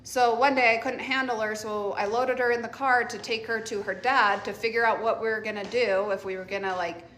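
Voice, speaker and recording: A woman's voice: fairly high pitch, fairly even intonation, brisk, few pauses, fairly bright tone, slight background noise. Blunt mother telling a storytime. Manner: laughs often, offhand and blunt. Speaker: mother telling a story about her teenage daughter. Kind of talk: casual storytime chat.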